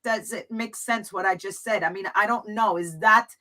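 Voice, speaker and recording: A woman's voice: medium pitch, moderate pace, pushed and bright, low-quality recording. A woman hosting a talk show, speaking earnestly and from the heart as she shares her own story with her guest. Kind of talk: talk show conversation, personal testimony.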